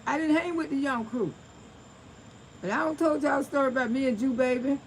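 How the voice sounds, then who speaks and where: A woman's voice: high voice, brisk, a little hiss or hum, rough recording. A woman, casually telling stories on a livestream and answering viewer comments, laughing often. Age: 60s. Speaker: livestream host.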